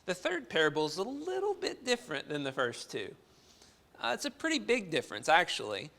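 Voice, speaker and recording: A man's voice: on the high side, wildly swooping pitch, fairly quick, pushed and bright. A man preaching a sermon to his congregation, earnest and full of rhetorical questions.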